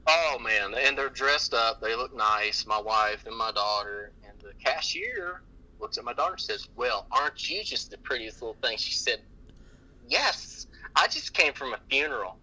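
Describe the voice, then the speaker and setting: A middle-aged man telling family stories on a podcast in casual chat, animated and often laughing, with many restarts. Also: mid-range voice, normal speed, poor audio. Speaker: podcast guest.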